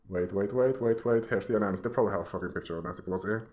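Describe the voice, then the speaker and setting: A man's voice: lowish voice, fast talker, few pauses, muffled recording, a little hiss or hum. A man giving a casual, mocking rant as he browses online, often laughing at his own jabs. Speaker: vlogger. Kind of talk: casual ranting commentary while browsing.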